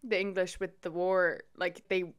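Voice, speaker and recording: A woman's voice: on the low side, little pitch movement, a little slow, clean tone, dull audio. A young Irish woman co-hosting a podcast, chatting casually with plenty of fillers. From Ireland. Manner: chatty, lots of "like" and "um". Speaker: podcast co-host.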